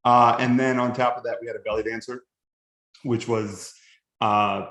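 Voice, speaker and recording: A man's voice: mid-range voice, level tone, normal speed, a bit bright, echoey room. A man co-hosting a podcast, talking in a joking, rambling way and laughing often. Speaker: podcast co-host. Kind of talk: casual podcast chat.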